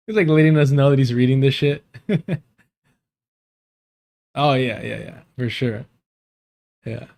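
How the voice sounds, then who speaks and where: Male streamer, casual chat, rambling, frequent chuckles, mid-pitched voice. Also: takes it slowly, creaky, long pauses, darkish tone. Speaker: livestream host.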